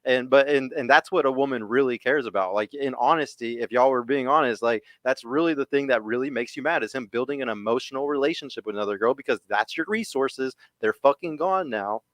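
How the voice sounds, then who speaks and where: A man's voice: medium pitch, a little fast, hardly any pauses, a bit bright, dry recording. Blunt, profane man. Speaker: podcast co-host. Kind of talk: casual debate chat.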